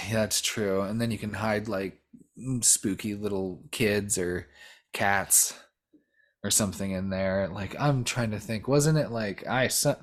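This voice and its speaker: A man's voice: fairly low pitch, fairly even intonation, slow pace. A man co-hosting a podcast, chatting casually about a horror film, rambling with many fillers, restarts and swear words. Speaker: podcast co-host. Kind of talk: casual movie discussion.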